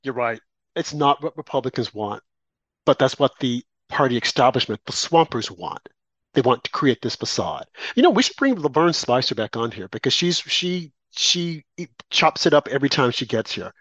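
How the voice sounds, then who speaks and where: A man co-hosting a political talk show, speaking with impassioned emphasis and lively swings in volume. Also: medium pitch, moderate pace, no echo. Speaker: co-host.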